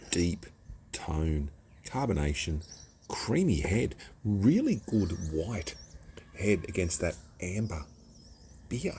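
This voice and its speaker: A man's voice: sits low, very animated, takes it slowly, long pauses, a little mellow, a little hiss or hum. An Australian man reviewing a craft beer outdoors at home, chatty and self-mocking, rambling from one topic to the next. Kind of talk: casual rambling vlog.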